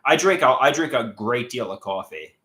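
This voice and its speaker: A man's voice: mid-range voice, animated, moderate pace, pushed and bright, roomy sound. A man streaming live and reading chat, talking in an agitated, repetitive way with many stumbling restarts.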